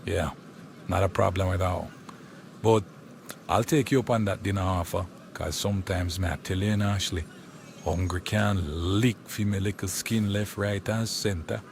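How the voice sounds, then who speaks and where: Helpful Jamaican neighbour in a cartoon, low and gravelly, over street noise. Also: male voice, moderate pace. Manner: calm, soothing, easygoing. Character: kindly helpful young man, calm neighbour. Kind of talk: animated cartoon dialogue.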